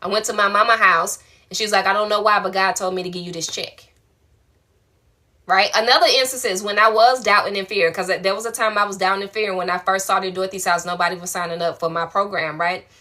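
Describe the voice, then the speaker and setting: Bright-voiced woman, casual spiritual coach. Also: mid-range voice, fairly even intonation, fairly quick. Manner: affectionate, colloquial, encouraging. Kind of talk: live-stream answering viewer questions.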